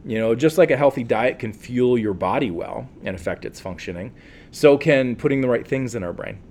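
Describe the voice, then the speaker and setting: A man, a counselor, answering interview questions in a calm, earnest and reflective way, with many fillers and restarts. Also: medium pitch, normal speed, creaky, a little hiss or hum. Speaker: guest, counselor.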